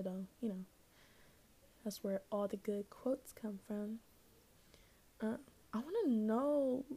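A woman's voice: medium pitch, gravelly, mellow. A young woman hosting her own podcast, chatting casually and rambling with lots of slang and "like". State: out of breath. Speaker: podcast host. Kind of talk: casual solo podcast chat.

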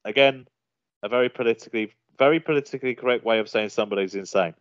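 A man's voice: mid-range voice, quick pace, dry recording. A man from England co-hosting a casual podcast, reading list items aloud and laughing often. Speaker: podcast co-host. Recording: dull lo-fi sound.

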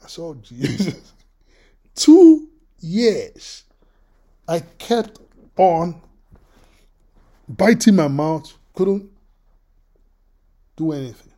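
A man preaching a sermon, telling a personal story in an animated way, often repeating his words. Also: sits high, drawn-out words, long pauses. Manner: animated, repeats words, acts out quoted voices.

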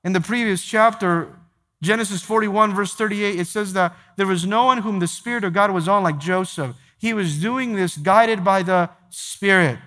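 A pastor preaching a sermon to his church, emphatic, repeating phrases and slowing down to stress key points. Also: sits high, sharp tone. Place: large church sanctuary. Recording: long hall reverb.

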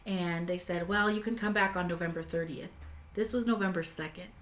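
A woman's voice: on the low side, fairly even intonation, fairly quick, fairly bright tone. A woman telling a personal story in a casual conversation, talkative and emotional, with many fillers and restarts. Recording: echoey room with faint background noise. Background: faint kitchen sounds.

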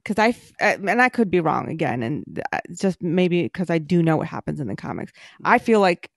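A woman's voice: on the low side, very animated, a little fast, creaky, dry recording. Enthusiastic woman, dry close recording. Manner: enthusiastic, thinks aloud with fillers like "you know". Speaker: podcast co-host. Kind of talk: casual podcast discussion of a TV show.

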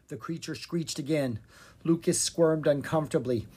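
A narrator reading a children's chapter book aloud with expressive storytelling. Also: normal speed, husky. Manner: expressive storytelling, dropping low on tags. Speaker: audiobook narrator.

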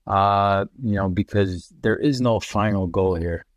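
A podcast guest from Russia with a New York accent tells a heartfelt personal story in casual conversation, his voice on the low side and a little slow. The recording has no room sound, and his earnest, emotional telling is full of fillers and restarts.

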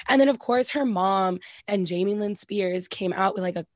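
Animated woman gossiping, dry close mic. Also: medium pitch, normal speed, no echo. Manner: animated, says "like" a lot, acts out quoted reactions. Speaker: podcast co-host. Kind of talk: casual celebrity gossip chat.

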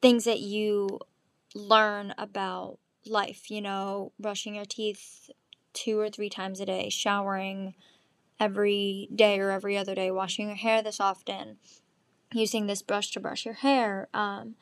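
A woman's voice: medium pitch, little pitch movement, unhurried, dry recording. A woman in her twenties hosting her own show, chatting alone in a rambling, candid way with lots of ums and likes. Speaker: podcast host. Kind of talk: casual solo chat.

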